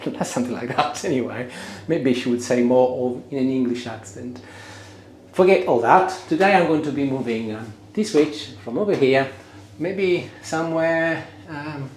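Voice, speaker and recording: A man's voice: medium pitch, darkish tone, slight background noise. Chatty middle-aged man in echoey room. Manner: chatty, rambling, many fillers. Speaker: homeowner doing DIY. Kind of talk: casual vlog narration. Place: inside a house, bathroom and loft.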